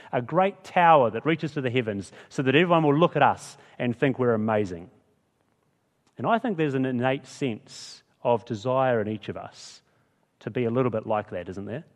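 Guy preaching a sermon, chatty, keeps asking questions, echoey hall. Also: mid-range voice. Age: adult with school-age kids. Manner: conversational, asks rhetorical questions.

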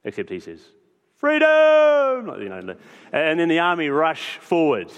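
Casual-sounding preacher in a reverberant hall. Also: male voice, on the high side, very animated, normal speed, a bit bright. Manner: conversational, many fillers. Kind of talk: sermon. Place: church hall. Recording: long church-hall reverb.

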